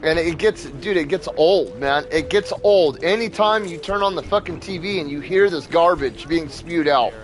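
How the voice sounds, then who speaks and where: A man's voice: a little high, normal speed, few pauses. A young man and father hosting a gaming video, ranting in a heated, profane, blunt way. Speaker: gaming channel host. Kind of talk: ranting commentary over gameplay.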